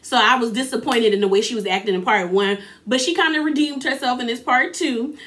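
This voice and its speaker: A woman hosting a casual reality TV recap, talking in an animated, sassy way and acting out what people said. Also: fairly high pitch, brisk. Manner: animated, sassy, acts out quotes in her own voice.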